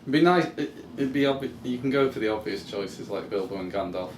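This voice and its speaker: A man co-hosting a podcast in casual chat, easygoing and quick to laugh along. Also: lowish voice, lively intonation. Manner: easygoing, laughs along and reads listener questions. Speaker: podcast co-host. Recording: roomy echo, faint background hiss.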